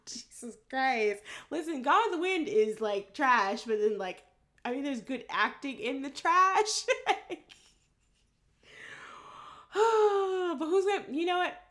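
Bright-voiced young woman, blunt. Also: high voice, animated, takes it slowly, long pauses. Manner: blunt, swears freely, laughs often. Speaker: podcast co-host. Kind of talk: casual chat.

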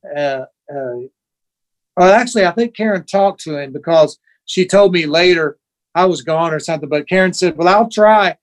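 A man in his sixties spins animated anecdotes as a guest in a casual chat, slipping into the voices of the people he quotes. His voice sits a touch higher than most men's. He turns heartfelt and sentimental as the tales unfold. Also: moderate pace. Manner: emotional, sentimental. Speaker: guest musician.

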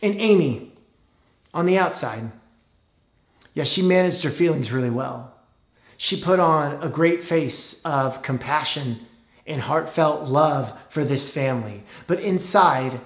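A man's voice: a little high, animated, slow, echoey room. A man telling a heartfelt story as a pastor giving a sermon, sometimes voicing the people in it.

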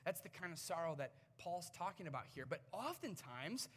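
A man in his thirties preaching to a congregation from a stage microphone, talking in a conversational, animated way with touches of humor. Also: on the high side, a little fast. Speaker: pastor. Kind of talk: sermon. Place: church sanctuary before a congregation. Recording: reverberant church hall.

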